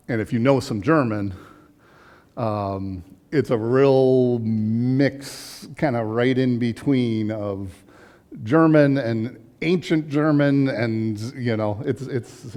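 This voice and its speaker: A man's voice: fairly low pitch, dark tone. A man teaching an adult education class in a casual lecture style, chatty, with frequent fillers and restarts.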